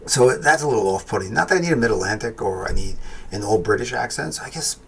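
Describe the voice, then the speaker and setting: A man's voice: lowish voice, lively intonation, quick pace, creaky, fairly bright tone, husky. Man, film reviewer, rambling, self-correcting, casual talk.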